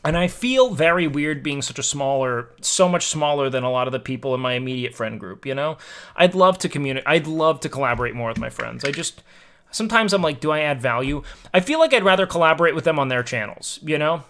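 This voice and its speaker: A man's voice: a little high, animated, fast, fairly bright tone. A young man livestreaming, chatting casually and musing aloud to his chat, swearing now and then, at a home desk mic.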